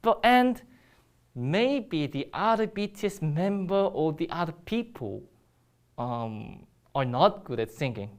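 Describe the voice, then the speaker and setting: Korean-accented woman explaining grammar, low voice but really lively ups and downs, lots of ums. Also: slow. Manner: explains step by step with frequent ums and restarts. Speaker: Korean language teacher. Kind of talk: recorded grammar lesson.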